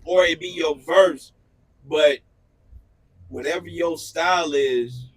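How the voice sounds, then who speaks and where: A man with a fairly high voice, recorded dry and close with no room sound. He is a rapper talking earnestly in a casual podcast, restarting his sentences as he explains. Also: slow pace, slightly rough, dry recording, rough recording.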